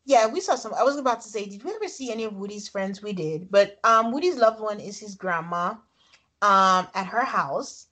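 Her medium-pitched voice is fairly bright, with lively intonation and a moderate pace. As a co-host of a casual podcast recapping a reality show, she chats and laughs a lot while retelling scenes.

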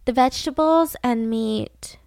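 Woman podcast host, chatty true-crime storyteller, a little high-pitched, dry close recording. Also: measured pace, creaky, darkish tone, no echo. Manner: chatty storyteller, giggly, acts out quotes. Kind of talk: casual true-crime chat.

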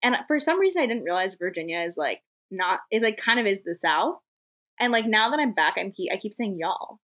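Bright, animated joking woman. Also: medium pitch, brisk. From Los Angeles. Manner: animated, joking, lots of fillers like "like". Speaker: podcast co-host and competitor. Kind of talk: casual podcast chat.

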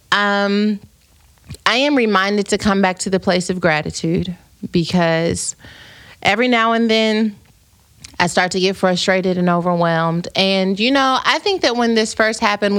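A woman's voice: medium pitch, fairly bright tone, no echo. A woman from the United States hosting a live podcast, chatting playfully with viewers, reading their comments, and turning reflective and faith-minded. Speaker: podcast host. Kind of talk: casual livestream chat with viewers. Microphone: streaming camera setup.

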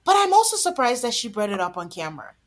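A woman's voice: fairly high pitch, huge pitch swings, fast, a little hiss or hum. Chatty woman podcast co-host. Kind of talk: casual chat.

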